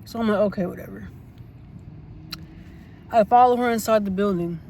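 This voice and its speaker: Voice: mid-range voice, moderate pace, creaky, darkish tone, a little hiss or hum. A casual storytime vlogger who tells a story bluntly and indignantly, swears freely and repeats points for emphasis.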